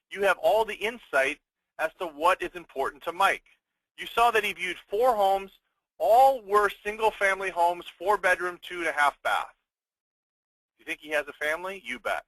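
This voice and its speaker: Bright, upbeat salesy man. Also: no echo, low-quality recording. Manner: upbeat salesy pitch with rhetorical questions; keeps checking in with "okay?". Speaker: webinar host. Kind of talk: sales webinar presentation.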